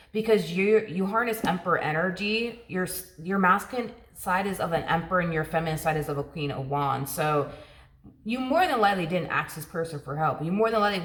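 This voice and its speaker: Casual woman tarot reader, low-pitched, rambling filler-heavy delivery, roomy sound. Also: a bit bright. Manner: chatty, repeats words, many fillers.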